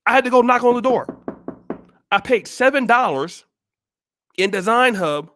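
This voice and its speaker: Blunt high-voiced man scolding his viewers. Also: animated, normal speed, slight background noise. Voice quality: forceful, preachy. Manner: blunt, scolding, repeats rhetorical questions. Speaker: channel host. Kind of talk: blunt motivational monologue.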